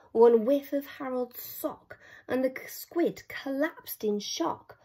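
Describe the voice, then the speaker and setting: A woman reading a rhyming children's picture book aloud, with rhythmic, expressive delivery. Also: high-pitched, slow. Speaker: storyteller.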